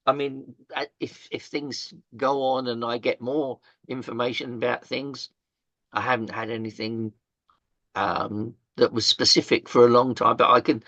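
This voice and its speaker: An older man, telling his story as an interview guest, halting with many fillers and restarts and the odd swear word. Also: mid-range voice, gravelly, a bit bright, dry recording, lo-fi sound. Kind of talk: candid storytelling in conversation.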